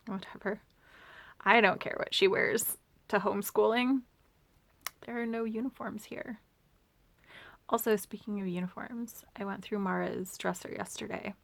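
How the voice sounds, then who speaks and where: A woman rambles through a casual home vlog, mid-pitched with a gravelly fry in her voice. She often slips into near-whispered asides before coming back up to normal talk. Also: steady tone, unhurried, long pauses, no room sound. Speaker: vlogger and homeschooling mom.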